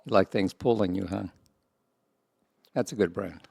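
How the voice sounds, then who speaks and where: Gravelly, husky joking man. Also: low-pitched, moderate pace, darkish tone, no echo. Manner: joking, teasing, easygoing. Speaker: podcast co-host. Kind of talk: casual banter.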